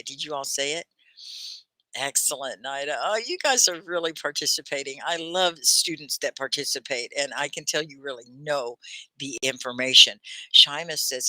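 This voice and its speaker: A woman's voice: low-pitched, animated, normal speed, sharp tone, no echo. A middle-aged woman from Texas hosting a live English lesson, reading viewer comments aloud, chatty and upbeat, laughing often and quizzing her students. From Texas, United States. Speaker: ESL teacher hosting a live class.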